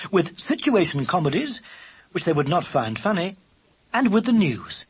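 A narrator reading a children's novel aloud in an expressive, animated storytelling manner. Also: medium pitch, husky. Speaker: audiobook narrator.

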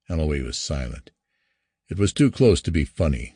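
A man narrating a science fiction story in a measured, even way. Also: a bass voice, breathy edge, dry recording, studio quality.

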